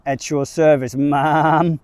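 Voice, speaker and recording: A man's voice: fairly high pitch, flat delivery, slow, darkish tone, no room sound. A man voicing a jovial middle-aged male sheep farmer with a New Zealand accent and a cheeky, blustering salesman manner. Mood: hearty.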